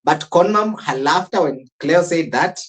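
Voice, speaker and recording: A host reacting live to a clip, laughing between remarks and talking straight to the viewers in a loose, chatty way. The voice sits at a middle pitch for the speaker. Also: animated, measured pace. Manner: chuckles often, talks to chat. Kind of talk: live-stream reaction commentary.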